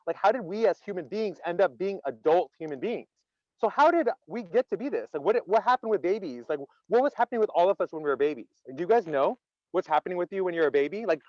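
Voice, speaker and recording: A man leading an interactive online laughter workshop, animated and chatty, quizzing his audience and filling his speech with "like". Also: high voice, no room sound, lo-fi sound. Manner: animated, chatty, asks audience questions, many "like" fillers.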